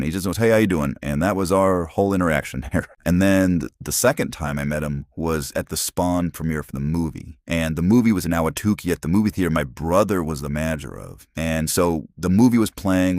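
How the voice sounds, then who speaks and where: A man's voice: a bass voice, no echo, studio quality. A middle-aged man telling rambling, anecdotal stories in a casual monologue. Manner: rambling, anecdotal, self-correcting. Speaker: comic fan vlogger.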